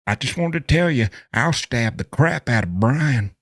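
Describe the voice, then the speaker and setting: A man voicing a dim-witted male inmate who chats in an overly friendly, drawn-out way, as a mocking impression. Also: mid-range voice, expressive, a bit bright, breathy edge, dry recording, clean studio sound, pitched above the performer's own voice, exaggerated voice. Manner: overly friendly, drawn-out mock phone call. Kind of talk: mocking impression in a commentary vlog.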